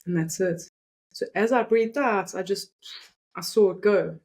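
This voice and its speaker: A woman's voice: mid-range voice, measured pace, darkish tone, low-quality recording. A woman energy coach explaining breathing and compassion techniques in a guided, instructive way. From South Africa. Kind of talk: teaching interview talk.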